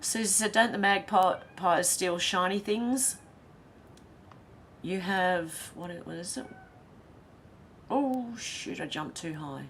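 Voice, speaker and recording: A woman's voice: fairly low pitch, takes it slowly, pauses often, a bit bright, slight background noise. A middle-aged Australian woman hosting a casual livestream, reading viewer comments aloud with giggly, chatty asides. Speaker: livestream host.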